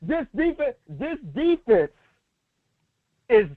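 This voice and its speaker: A man's voice: very high voice, sing-song, slow pace, dry recording. A man co-hosting a sports show, arguing football in a casual, insistent way. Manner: insistent, talks over his co-host. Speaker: sports podcast co-host. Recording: tinny phone-like line.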